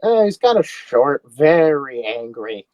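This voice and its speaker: A man's voice: medium pitch, very animated, slow pace, a little mellow, no room sound. A man playing in a tabletop game, easygoing and wondering aloud. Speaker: player.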